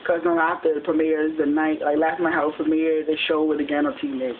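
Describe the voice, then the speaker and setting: A fan reviewing a TV episode in a casual recap, retelling the plot quickly and rambling, with restarts along the way. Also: mid-range voice, little pitch movement. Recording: tinny phone-like audio with faint hiss.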